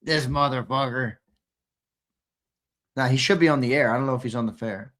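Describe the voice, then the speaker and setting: Racing along at a medium pitch, a young man reads viewer chat on the live sports stream he co-hosts. He's brash, teasing and profane, and his voice sounds slightly strained.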